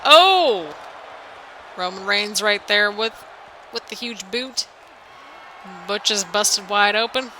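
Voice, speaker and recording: Bright-voiced woman, sing-songy gaming chat. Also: mid-range voice, fairly even intonation, slow pace, a little hiss or hum, rough recording. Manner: chatty, rambling, sing-songy. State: a little tired. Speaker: gaming channel host. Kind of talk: casual game commentary.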